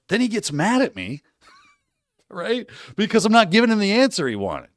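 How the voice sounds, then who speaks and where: Lively, animated male livestream host. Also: high voice, normal speed, no room sound, clean studio sound. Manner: animated, laughing storyteller who acts out quotes. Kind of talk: casual storytelling on a livestream.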